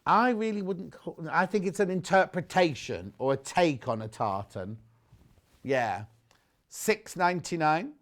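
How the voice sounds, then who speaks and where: A man's voice: fairly high pitch, big pitch swings, unhurried, a bit bright. A man presenting fabrics on a live shopping channel, chatting and joking casually and reading out viewer messages. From United Kingdom. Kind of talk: casual live sales chat.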